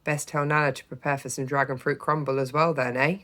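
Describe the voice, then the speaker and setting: A woman voicing a cheerful, teasing elderly grandfather in a storybook reading, with a jovial, gruff manner. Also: very deep voice, level tone, brisk, a bit bright.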